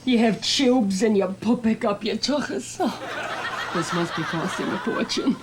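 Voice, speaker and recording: A woman's voice: on the high side, animated, a little slow, noisy background. A woman playing a panicky, complaining older Jewish wife at a hospital bedside in a comedy sketch. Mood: frantic. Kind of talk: sitcom sketch with studio audience.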